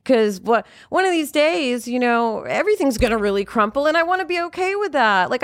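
Woman, 50s, podcast host, candid chat, frank, swears a lot, slightly high voice, dry close sound. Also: fairly quick, hardly any pauses, dry recording. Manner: frank, animated, swears freely.

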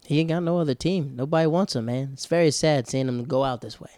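A man's voice: a little high, quick pace, warm tone, no room sound, clean studio sound. A man in casual chat as podcast co-host, rambling and chatty, often correcting himself.

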